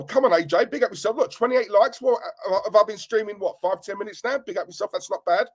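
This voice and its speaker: A middle-aged man, casually chatting on a livestream and giving loud shout-outs to his viewers. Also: high-pitched, expressive, fast talker, few pauses. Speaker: livestream host.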